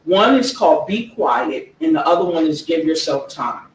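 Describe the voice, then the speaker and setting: An earnest woman presents her own book and reads passages aloud in a slow, emphatic way, often pausing to ask her listeners "okay?". She sits some distance from the mic in an echoey room. A faint hum of noise runs behind her. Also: low-pitched, expressive. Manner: earnest, slow emphatic reading, frequent "okay?" check-ins.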